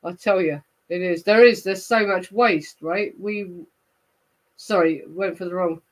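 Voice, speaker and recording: A woman's voice: fairly low pitch, unhurried, no echo, poor audio. Tipsy, ranting woman. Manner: ranting, rambling and heavy swearing. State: tipsy from gin. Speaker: host of a true crime livestream. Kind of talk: casual livestream chat, responding to viewers.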